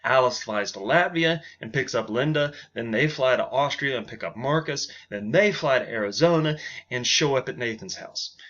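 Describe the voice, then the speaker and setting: A man telling a comic story in a deadpan, offhand way, with casual asides, on a dull lo-fi recording. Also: mid-range voice, normal speed.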